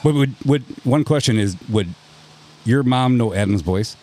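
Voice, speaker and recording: A man's voice: medium pitch, normal speed, warm tone. A man hosting a casual podcast, swearing and laughing as he tells stories with friends. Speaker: podcast host. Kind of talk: casual banter. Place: outdoors at a ranch.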